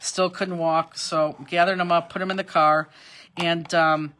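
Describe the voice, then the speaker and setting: A woman's voice: fairly low pitch, level tone, a little slow, fairly bright tone. A middle-aged woman teaches a live craft class from her workspace. She drifts into a long, heartfelt story, circling back with fillers and restarts as she goes. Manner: rambling, chatty, emotional, with frequent fillers and restarts. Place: warehouse workspace.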